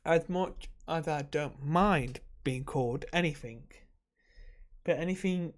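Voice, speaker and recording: A man's voice: on the high side, slow. A man talking to camera in a casual, rambling vlog, emotional and swearing freely while he drinks. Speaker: vlogger.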